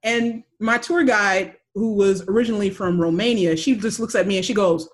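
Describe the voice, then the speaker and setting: A woman from the United States telling a travel story in casual chat, animated and acting out the voices of the people in it. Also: medium pitch, normal speed, few pauses.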